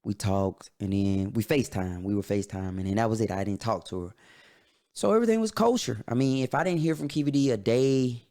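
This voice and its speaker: A man hosting a podcast, telling a personal story in a candid, halting way. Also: on the low side, animated, warm tone. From Atlanta, USA. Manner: candid, halting, emotional retelling. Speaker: podcast host.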